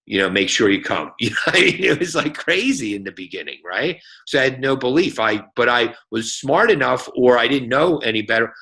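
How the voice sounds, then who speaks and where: A man as a guest speaker on a team phone call, giving an energetic, folksy sales pep talk and checking in with a frequent "okay?". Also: medium pitch, fairly quick, gravelly, few pauses.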